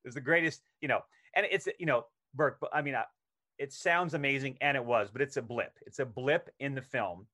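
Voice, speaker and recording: A man's voice: medium pitch, moderate pace. A middle-aged male actor, a podcast guest, telling a story in casual conversation and acting out the lines he quotes. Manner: animated anecdote telling, acts out quoted lines.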